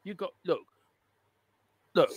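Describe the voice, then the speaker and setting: A man's voice: slow, dry recording. A man with a Cork Irish accent, co-hosting a live football stream, teasing and laughing through rambling banter full of fillers. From Ireland. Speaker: co-host of a football watchalong stream.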